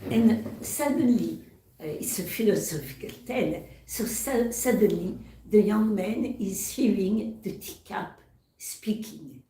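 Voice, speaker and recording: A woman giving a devotional talk in a temple hall, telling a parable slowly with halting repeats. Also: mid-range voice, mellow. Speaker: temple speaker. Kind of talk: devotional storytelling lecture. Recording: echoey hall, far from mic.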